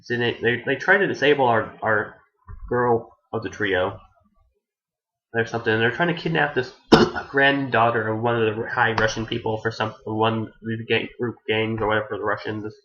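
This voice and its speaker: A man's voice: lowish voice, fairly even intonation, normal speed, fairly bright tone, muffled recording. A man giving a casual, rambling anime review who restarts his sentences often and swears offhandedly.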